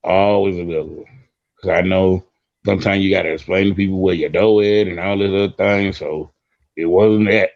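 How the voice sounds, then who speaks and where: Gravelly low-voiced man from Florida. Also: steady tone, a little fast, a little mellow, no echo. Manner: talkative, emphatic, repeats himself. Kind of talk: casual chat. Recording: dull lo-fi sound.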